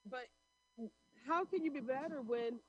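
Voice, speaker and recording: A woman co-host with a slightly high voice joins a loose talk-show chat. She speaks emphatically and often restarts her sentences. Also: unhurried, dry recording, muffled recording. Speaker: podcast co-host. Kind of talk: casual chat.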